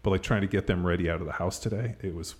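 A man's voice: low-pitched, rapid-fire, breathy edge. A middle-aged man hosting a podcast, chatting in a rambling way full of "like" and "you know", and laughing easily. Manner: rambling, filler-heavy, lots of "like". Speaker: podcast host. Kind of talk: casual chat.

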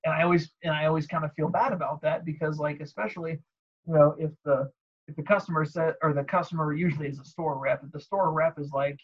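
A man co-hosting a podcast, telling animated stories and mimicking callers. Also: a little high, fast, slightly rough, highs cut off. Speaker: podcast co-host. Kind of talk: casual chat.

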